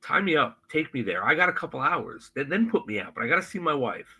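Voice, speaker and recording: A man co-hosting a podcast, chatting casually and retelling a TV scene with animated, acted-out quotes. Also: on the high side, fast, breathy edge, low-quality recording. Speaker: podcast co-host. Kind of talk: casual chat recapping a TV episode.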